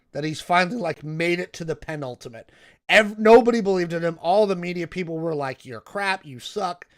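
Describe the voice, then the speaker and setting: A man co-hosting a casual talk show, telling stories with lots of "right?" tags and fillers. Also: on the high side. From Seattle area, United States. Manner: animated storytelling, many fillers and "right?" tags. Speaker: co-host. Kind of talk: casual podcast chat.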